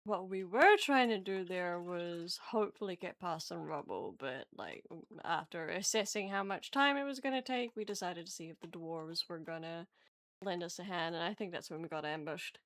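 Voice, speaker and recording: A woman player in a tabletop campaign, chatting and recapping the last session in an unhurried way, searching for words with ums and breaking into giggles. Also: fairly low pitch, lively intonation, fairly bright tone, dry recording. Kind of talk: casual chat and session recap.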